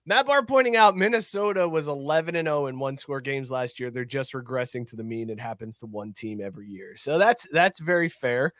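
A man's voice: mid-range voice, fairly quick, hardly any pauses, fairly bright tone, dry recording, studio quality. A man hosting a casual sports podcast, laughing often and reading out listener comments. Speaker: podcast host.

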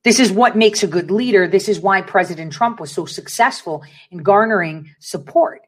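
A woman's voice: medium pitch, moderate pace, slight background noise. A woman hosting an online commentary show, speaking in an emphatic, preachy way and repeating phrases for effect. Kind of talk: casual political commentary.

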